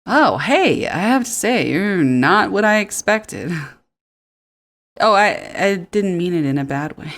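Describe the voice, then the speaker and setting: A woman's voice: mid-range voice, animated, slow, a bit bright. A woman voicing an awkward young man in a game who stumbles over his words. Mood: flustered.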